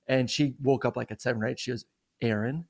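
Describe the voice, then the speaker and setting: A man's voice: medium pitch, little pitch movement, quick pace, vocal fry. A man in his thirties co-hosts a casual sports talk show. His voice sits in a plain middle register, and he rambles through anecdotes with frequent fillers and restarts. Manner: rambling storyteller, many "you know" and "like" fillers. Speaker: co-host. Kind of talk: casual sports podcast chat.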